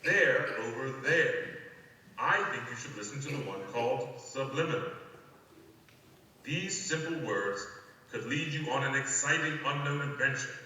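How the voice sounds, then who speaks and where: A man playing a calm, secretive guide. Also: medium pitch, slight background noise. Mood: calm, instructive. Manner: measured, deliberate, hypnotic instruction. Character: calm, secretive male guide giving instructions. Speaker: phone play narrator. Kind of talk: scripted audio play monologue. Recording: echoey hall, voice from far off, faint ambience.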